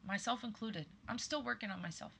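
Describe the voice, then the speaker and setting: Woman, thirties, podcast host, earnest monologue, emphatic, sharp bright voice. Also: on the high side, brisk, creaky, a little hiss or hum. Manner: earnest, emphatic, addresses listeners as "you guys". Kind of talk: personal monologue to listeners.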